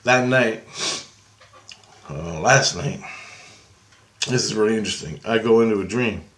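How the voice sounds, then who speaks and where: A man's voice: fairly low pitch, unhurried, fairly bright tone, slight background noise. A man telling a spiritual dream story to his viewers in a loose, rambling way, full of fillers and restarts. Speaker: video blogger.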